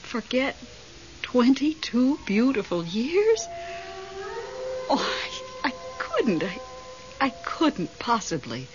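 A lonely, fretful middle-aged widow in an old radio drama, her fairly high voice swooping widely as her nerves rise. It is heard through a dull vintage broadcast with a light hiss. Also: a little slow, over music. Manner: fretful, excitable, talks on the phone. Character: lonely widow, nervous and devoted. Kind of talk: 1970s radio drama acting.

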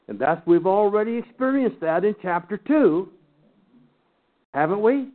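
A man's voice: high voice, animated, measured pace, pauses often. A man teaching a Bible lesson to a class, folksy, with teasing asides and questions to the room. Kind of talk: lecture to a class. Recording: tinny phone-like sound.

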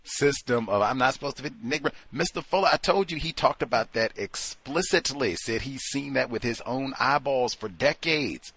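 A man's voice: mid-range voice, lively intonation, normal speed, few pauses, a bit bright, slightly rough, dry recording. A man hosting a talk show, giving emphatic, incredulous, conversational commentary on listener stories. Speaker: host.

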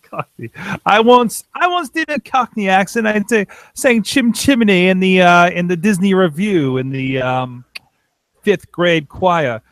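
A man's voice: high-pitched, expressive, unhurried, a bit bright, no echo. A man hosting a casual wrestling chat show from a home studio, rambling with frequent fillers. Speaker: podcast host.

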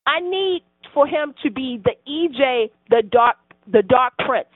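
A woman's voice: sits high, lively intonation, unhurried, dry recording. A woman in a casual soap opera chat, talking in an earnest, rambling way. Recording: tinny phone-like line, dry.

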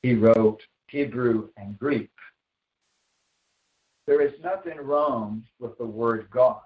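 A man preaching a sermon as pastor, slow and emphatic, repeating phrases for weight. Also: mid-range voice. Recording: echoey, dull sound from far off the mic.

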